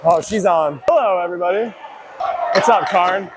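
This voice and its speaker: Brief: young male college skater, high-ish voice, out of breath, rambling self-mocking chatter, body mic, noisy rink. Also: normal speed. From Ohio, US. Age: young adult. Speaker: college hockey player. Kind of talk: casual mic'd-up practice commentary. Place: indoor ice rink. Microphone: wireless body mic worn while skating.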